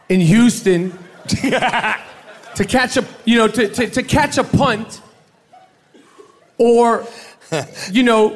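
A man hosting a podcast, laid-back and slangy, laughing easily as he asks questions. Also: very high voice. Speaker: podcast host. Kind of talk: casual chat.

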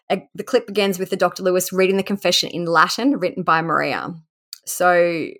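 A woman with a slightly low voice hosts a casual true-crime podcast. She reads court quotes aloud at a conversational pace and breaks in with offhand asides. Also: fairly bright tone. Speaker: podcast host.

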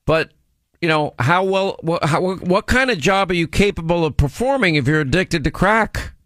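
A man's voice: sits high, lively intonation, moderate pace, fairly bright tone, no echo. A man hosting a political talk radio show, speaking emphatically in a studio, drifting between points and teasing his co-host. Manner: emphatic, digressive, teasing banter.

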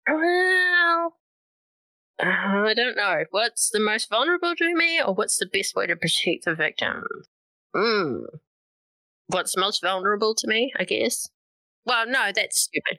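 A woman's voice: medium pitch, moderate pace, bright, forceful tone, no room sound. A woman playing in a tabletop game, thinking aloud and hesitating. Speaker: player. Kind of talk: casual tabletop play.

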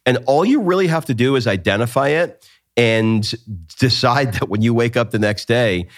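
A man's voice: mid-range voice, expressive, normal speed. A man co-hosting a podcast, chatting casually with playful, easygoing banter. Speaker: podcast co-host.

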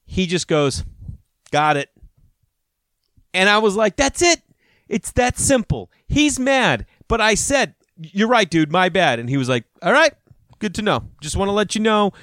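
A man's voice: high-pitched, expressive, normal speed, long pauses, pushed and bright, no echo, clean studio sound. A man in his thirties telling rambling, profane stories in a casual monologue, acting out both sides of each conversation.

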